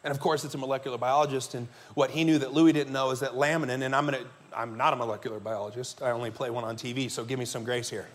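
A man's voice: mid-range voice, steady tone, racing, hardly any pauses. A man preaching a sermon as pastor to his congregation, telling stories in a conversational way and asking the listeners questions. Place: church sanctuary before a congregation.

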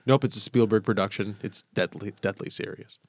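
A man's voice: fairly low pitch, fairly even intonation, brisk, creaky, no room sound, clean studio sound. A man co-hosting a podcast in casual chat, jokey and often laughing. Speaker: podcast co-host.

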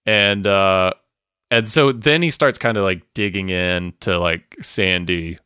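A man's voice: deep voice, slow, noisy background. A man chatting casually as a podcast co-host, retelling a TV episode scene by scene, acting out the characters' lines and swearing freely. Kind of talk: casual chat recapping a TV episode.

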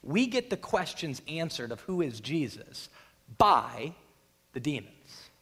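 A man's voice: fairly high pitch, very animated, slow pace, fairly bright tone, breathy edge. A man preaching a sermon, retelling a scripture scene with drama and acting out the voices of its people. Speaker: pastor. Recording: long hall reverb.

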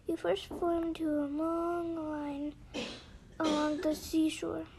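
A woman's voice: very high voice, flat delivery, slow pace, a little hiss or hum, exaggerated voice, low-quality recording. Gryphon, a bossy, impatient creature, read by a woman. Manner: impatient, interrupting, shouting out. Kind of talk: storybook read-aloud.

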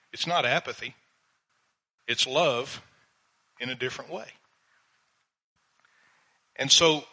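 An older man delivers a sermon at an unhurried pace. His voice is bright and crisp, and his Bible readings are measured and deliberate. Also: medium pitch, low-quality recording. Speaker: pastor.

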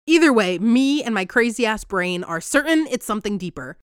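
A woman's voice: on the high side, very animated, brisk, clear, resonant tone, no room sound, studio quality. A woman chatting casually about a TV episode in a gossipy, profane way, acting out lines from the scenes as she goes. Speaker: TV episode recapper. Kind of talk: casual recap commentary.

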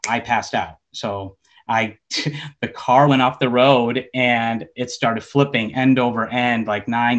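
A man with a mid-range voice shares a faith testimony, telling a personal story in casual, rambling talk packed with fillers like "like" and "you know." The sound is lo-fi.

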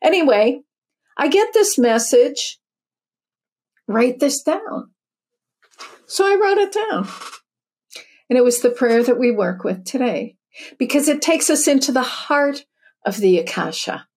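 A high, animated voice with a darkish tone, delivered at a measured pace. The speaker is a woman of fifty or more, a spiritual teacher and author, narrating her story in an interview in an earnest, talkative way full of restarts.

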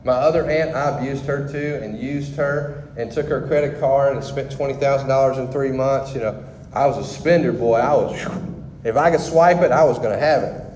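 Mellow man giving a testimony in a hall. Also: medium pitch, moderate pace, slight background noise. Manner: candid and conversational, with frequent restarts. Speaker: speaker sharing his testimony. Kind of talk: personal testimony to a group.

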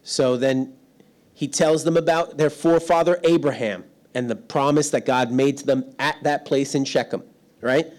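Man, middle-aged, sermon, self-deprecating stories, laughs a lot, mid pitch. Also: steady tone, moderate pace, darkish tone. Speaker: pastor. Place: church hall without windows.

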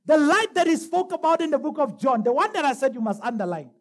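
A woman delivers a sermon in a high voice that swoops up and down. She preaches emphatically and slows her words down when she reads scripture aloud. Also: big pitch swings.

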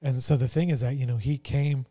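A man co-hosting a faith podcast speaks in a somber, halting way, full of fillers. His voice is very dark and mellow, at an ordinary pitch. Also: fairly even intonation. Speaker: podcast co-host. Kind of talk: casual personal testimony.

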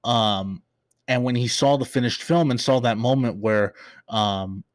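A man's voice: medium pitch, unhurried, no echo. A young man hosting a podcast, chatting through an episode recap with many fillers and restarts, openly emotional. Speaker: podcast host.

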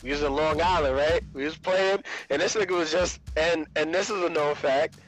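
A young man, defensive and quick to protest, arguing casually on a podcast. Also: on the high side, soft background music, poor audio. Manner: defensive, protesting in rapid repeated denials. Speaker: podcast co-host. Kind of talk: casual trash-talk banter.

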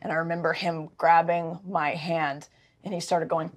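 In a fairly low voice at normal speed, a woman relates a personal story in casual conversation. She gets emotional and animated, regularly stumbling and restarting what she's saying.

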